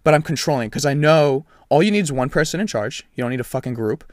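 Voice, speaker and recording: A man's voice: medium pitch, fast, dry recording. Dry-miked young man telling a story. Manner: animated, profane, reenacts dialogue. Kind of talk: casual storytelling chat.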